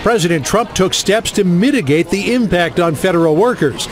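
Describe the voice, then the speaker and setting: A man's voice: sits high, expressive, moderate pace, slight background noise. A man delivering a formal news report as a White House correspondent.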